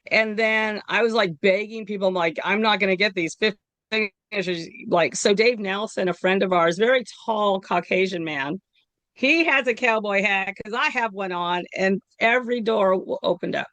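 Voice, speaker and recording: A woman's voice: medium pitch, moderate pace, no room sound. Chatty Bay Area woman telling stories. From California Bay Area. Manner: animated storytelling with laughs and acted quotes. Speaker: guest, local activist. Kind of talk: casual interview chat.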